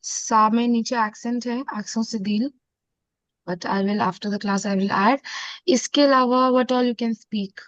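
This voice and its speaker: A woman's voice: on the high side, steady tone, dry recording. Indian woman teaching French phrases. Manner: mixes Hindi into English teaching, repeats French phrases slowly. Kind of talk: online classroom lesson. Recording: dull, dry lo-fi sound.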